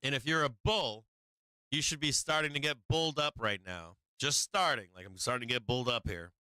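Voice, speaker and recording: Brash, bright-voiced live trading host. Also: male voice, mid-range voice, fairly quick, clear, resonant tone, dry recording. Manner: brash, profane, repeats "right?" and restarts often; talks directly to viewers, coaching and taunting them. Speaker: host of a live stock market stream. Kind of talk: casual live trading commentary.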